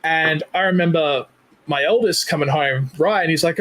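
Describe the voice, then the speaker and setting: A man's voice: on the high side, normal speed, a bit bright. A man in his thirties hosting a casual podcast chat, rambling with lots of restarts and fillers. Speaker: podcast host.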